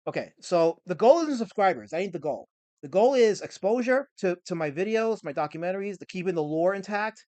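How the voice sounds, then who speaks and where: A man's voice: high-pitched, lively intonation, a little fast, a little mellow, no room sound. A man hosting a live stream, chatting casually and often stammering and repeating words. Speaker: streamer host.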